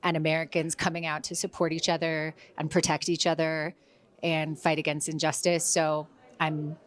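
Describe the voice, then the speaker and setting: An actress speaks earnestly in an interview, with emotion showing in her voice. Her pitch sits on the low side for a woman. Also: level tone, normal speed. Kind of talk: interview statement.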